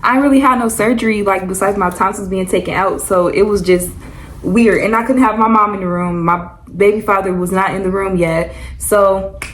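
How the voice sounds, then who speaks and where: A woman's voice: medium pitch, steady tone, moderate pace, slight background noise, rough recording. A young woman telling a personal story to her viewers in a loose, rambling, chatty way. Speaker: vlogger. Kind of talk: casual storytime chat.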